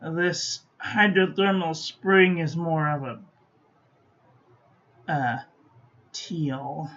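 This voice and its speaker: A sleepy woman giving dry, low-key commentary while testing ink on paper. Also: drawn-out words, fairly bright tone. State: sleepy, yawning. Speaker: stationery reviewer. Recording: dull lo-fi recording.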